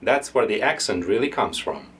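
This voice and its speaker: A man working as a dialect coach, explaining pronunciation in a deliberate, teacherly way. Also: on the low side, lively intonation, fairly bright tone, husky. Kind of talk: instructional explanation.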